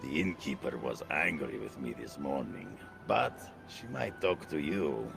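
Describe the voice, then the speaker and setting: An actor playing a boastful, forgetful male Nord diplomat in a game, speaking in a halting, broken-English accent. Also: rumbling low, sing-song, gravelly, fairly bright tone, soft background music, full character voice. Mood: pompous. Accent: broken-English put-on accent. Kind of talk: game voice acting.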